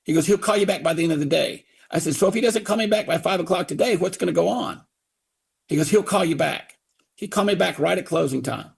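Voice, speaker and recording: Upset middle-aged father, gravelly voice, retells and mimics officials. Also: high-pitched, fast. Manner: indignant, quotes others in put-on voices. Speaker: father of a victim, radio guest. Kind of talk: angry retelling on talk radio.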